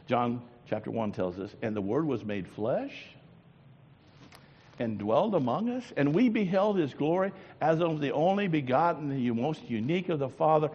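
A man preaches a sermon in a slightly high, animated voice that leaps from ringing exclamations down to hushed, intense murmurs. He keeps asking the congregation rhetorical questions. A long reverb hangs in the church hall around him. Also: moderate pace, dull audio, slight background noise. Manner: emphatic, swings from loud exclamations to low intense murmurs.

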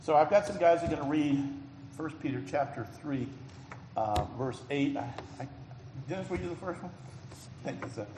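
A man preaching a sermon in a folksy, emphatic way, his voice swelling loud on key phrases. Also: on the high side, moderate pace. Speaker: pastor. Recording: echoey hall, faint background noise.

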